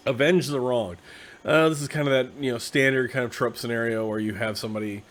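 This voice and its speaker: A tired man hosting a casual, rambling explanation of a tabletop game class, slipping into quick acted asides. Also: medium pitch, fairly bright tone. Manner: conversational, acts out quick quoted asides. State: tired, yawning.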